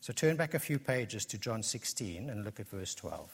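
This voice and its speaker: A man's voice: lowish voice, big pitch swings, normal speed, creaky, slight background noise. A man preaching an earnest expository sermon, building his points through emphatic repetition. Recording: long reverb of a large hall.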